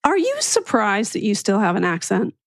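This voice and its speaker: A woman's voice: mid-range voice, very animated, moderate pace, no room sound. A woman hosting a podcast, reading an enthusiastic scripted intro and then interviewing a guest. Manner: enthusiastic, upbeat. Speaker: podcast host.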